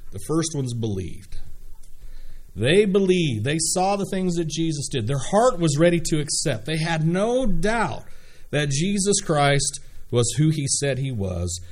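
A man preaching a sermon in a folksy, animated way, reading scripture and acting out the people in it. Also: mid-range voice.

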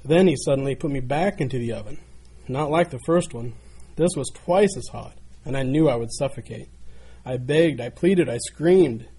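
A man's voice: mid-range voice, moderate pace, mellow, breathy edge, close to an everyday voice. A man voicing a talking teacup that tells how it suffered in the potter's hands, pleading and crying out.

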